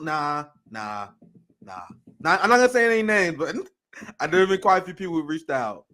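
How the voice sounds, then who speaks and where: A man hosting a livestream, reacting to a video clip with heated, profane, animated ranting. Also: on the high side, a little fast. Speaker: political commentary host.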